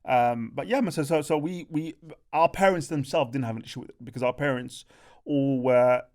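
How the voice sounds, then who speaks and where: A young man, co-hosting a podcast and telling a story in an animated, chatty way, often checking in with his listeners. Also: mid-range voice, brisk. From Birmingham, England. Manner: animated, chatty, peppers speech with "bro" and "do you know what I mean". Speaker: podcast co-host.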